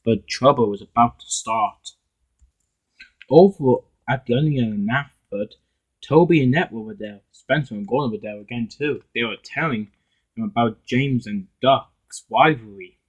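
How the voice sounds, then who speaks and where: A man reading an amateur fan story aloud, with halting delivery and frequent restarts. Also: medium pitch, highs cut off. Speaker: narrator and voice of all characters.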